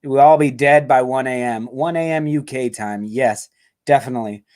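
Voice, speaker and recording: A man's voice: medium pitch, normal speed, a little mellow. A man hosting a live fan show over a video call, rambling and joking, and he talks nonstop. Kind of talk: casual live-stream chat.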